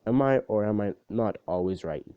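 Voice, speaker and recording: A cocky, self-assured teenage boy hero brags in a smug, offhand way, as a man retells the story in his own low voice. The sound is dull and lo-fi. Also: animated, normal speed, clear, resonant tone, natural voice. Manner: smug and boastful.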